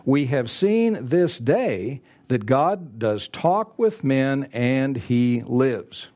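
A man preaching a sermon, reading scripture slowly and emphatically. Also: big pitch swings, warm tone. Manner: emphatic, reads scripture slowly and rises in pitch on quotes.

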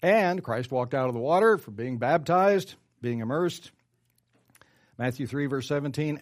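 A man preaching a sermon, reading Bible verses aloud and commenting on them, with frequent throat clearing. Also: fairly high pitch, expressive, unhurried. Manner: reads scripture aloud and comments, rising emphatic then dropping quiet; clears his throat often.

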